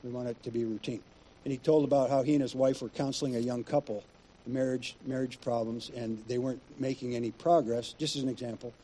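A man's voice: mid-range voice, steady tone, quick pace, mellow, rough recording. A male pastor preaching in a conversational, storytelling way. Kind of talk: sermon.

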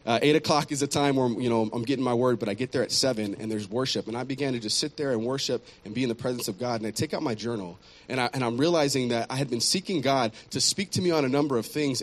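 A man giving an earnest personal testimony in church, often restarting and repeating words. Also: mid-range voice.

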